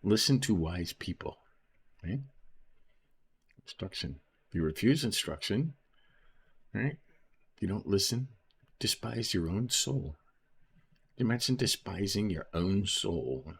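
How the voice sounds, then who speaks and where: A man's voice: sits low, lively intonation, unhurried, creaky, pauses often, a bit bright, slightly rough. A man reading Bible verses aloud and explaining them in a casual teaching manner, often checking in with "right?" and "okay?". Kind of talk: informal Bible study commentary.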